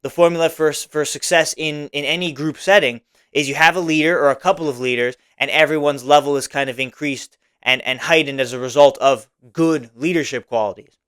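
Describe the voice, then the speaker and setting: A young man speaks in a smooth, clear voice that sits a bit high for a man. He rambles through a casual solo podcast monologue, leaning on "like" and tagging "right?" onto his points. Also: a little fast, a bit bright. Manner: rambling, many fillers like "like" and "right?". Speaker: podcast host.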